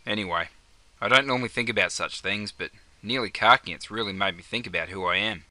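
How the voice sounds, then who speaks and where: A man's voice: lowish voice, fairly quick, bright, forceful tone, no echo, pitched below the performer's own voice. A man with an Australian accent voicing an easygoing mate who drawls his lines. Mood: laid-back.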